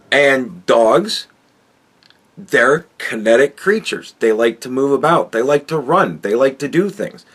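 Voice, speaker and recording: Reacting to a clip, a podcast host rants crudely and mockingly, swearing heavily throughout. His voice sits on the high side, a little bright and husky.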